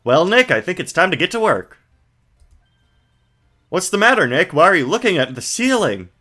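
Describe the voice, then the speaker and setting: A man voicing a bubbly, excitable teenage girl in a video game, gushing like a starstruck fan in a raised falsetto. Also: moderate pace, full character voice.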